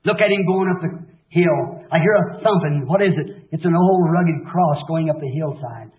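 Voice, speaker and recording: A man preaching an impassioned revival sermon, fervent, swinging between shouts and hushed low passages. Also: normal speed. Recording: echoey, tinny old sermon tape.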